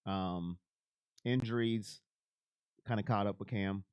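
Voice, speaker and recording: A man hosting a casual live stream. He chats with viewers by name and talks in an emotional, animated way. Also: fairly low pitch, slow, clean tone, no room sound, studio quality. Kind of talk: casual live chat about football.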